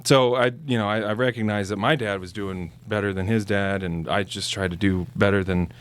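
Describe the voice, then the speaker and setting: A man chatting as a podcast guest, telling family stories in a rambling, halting way full of fillers. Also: on the low side, steady tone, clear, resonant tone. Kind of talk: casual chat.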